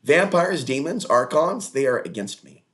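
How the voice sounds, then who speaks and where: Animated rambling man with lively pitch. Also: normal speed. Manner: animated, crude, digressive, mocking asides. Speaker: solo online talk-show host. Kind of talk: rambling monologue.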